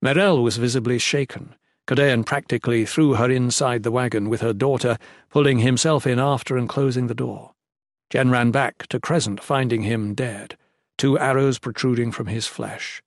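A man narrating a fantasy audiobook in a steady, measured storytelling manner. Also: medium pitch, no echo, clean studio sound.

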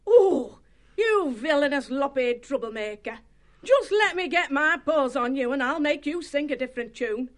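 A man's voice: expressive, normal speed, fairly bright tone. A man reading aloud and voicing a furious, scolding mother vole. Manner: shrill, scolding.

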